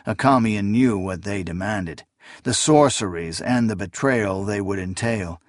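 A man reading an audiobook in steady, unhurried scripted narration. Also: on the low side, no room sound, studio quality.

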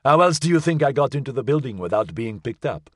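A man's voice: mid-range voice, lively intonation, fast, dry recording, studio quality, natural voice. A man voicing a big, jovial man who enjoys the attention, in an audiobook. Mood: cheerful. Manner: cheerful and self-satisfied.

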